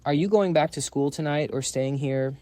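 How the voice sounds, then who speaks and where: A man's voice: a little high, moderate pace, mellow, dry recording, lightly acted. A man reading as a sassy young female coach. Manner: sassy and teasing.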